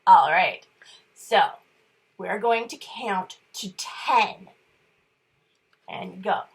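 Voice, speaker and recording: A woman reading a picture book to young children in an animated voice, coaxing them to count and whisper along. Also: medium pitch, drawn-out words, vocal fry, slightly rough. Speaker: children's story reader.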